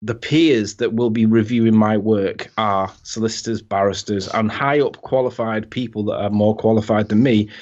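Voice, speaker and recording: A man answering interview questions in a self-assured manner, pausing with fillers. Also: lowish voice, fairly even intonation, a little mellow, lo-fi sound. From England.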